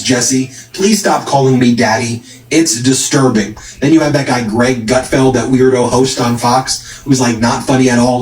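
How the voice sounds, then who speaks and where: A man hosts a political commentary video, reading out social media posts one after another. His voice sits at an ordinary middle pitch, and his emphatic, mocking delivery plays up the quoted lines. The room around him adds a noticeable echo. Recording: roomy echo.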